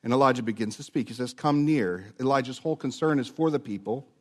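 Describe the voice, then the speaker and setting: A man's voice: medium pitch, fast talker. A man preaching a sermon, earnest and building to emphatic repetition. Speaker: pastor.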